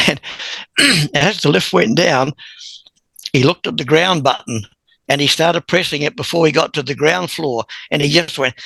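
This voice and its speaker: A man, a podcast guest telling a long story in a lively, chuckling way. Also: fairly high pitch, moderate pace, dry recording, low-quality recording. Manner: animated anecdote-teller who chuckles and clears his throat. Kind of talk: conversational storytelling.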